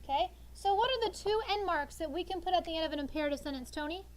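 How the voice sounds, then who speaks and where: A woman in her thirties teaches a sixth-grade class, animated and coaxing as she draws call-and-response answers from her students. Her voice is very high-pitched and fast, with a little hiss or hum in the background.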